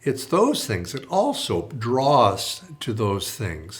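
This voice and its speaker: A man giving a spiritual talk as a teacher, reflective and halting, with many restarts. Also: medium pitch, wildly swooping pitch, fairly bright tone. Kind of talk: spiritual talk with a storytelling part.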